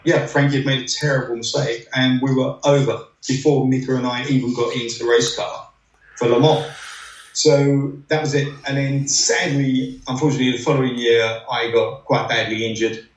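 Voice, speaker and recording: A man's voice: medium pitch, fairly even intonation, normal speed. Chatty man, distant and roomy. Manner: rambling storyteller, many "you know"s. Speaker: guest, former racing driver. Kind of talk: anecdotal podcast interview. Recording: roomy sound, distant from the mic.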